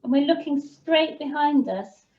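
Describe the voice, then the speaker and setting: A woman teaching a children's yoga class and giving gentle, encouraging instructions to young kids. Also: sits high, lively intonation, unhurried, recorded from a distance, narrow, tinny audio. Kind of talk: guiding a kids' yoga class.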